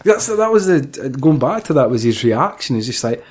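A man's voice: medium pitch, big pitch swings, normal speed, a little mellow. A Scottish man co-hosting a casual film review chat, sweary and laughing, acting out silly voices. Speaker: podcast co-host.

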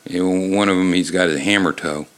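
A man's voice: low-pitched, fairly even intonation, fairly quick. A middle-aged man hosting his own show, talking into a desk microphone in a loose, rambling monologue that keeps breaking off and restarting, with casual swearing. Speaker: show host.

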